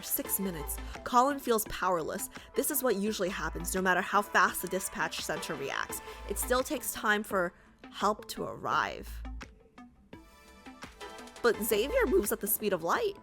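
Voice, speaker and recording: A woman's voice: medium pitch, animated, a little slow, bright, forceful tone, faint music behind. A woman casually reading a game story aloud, breaking off for chatty, joking asides.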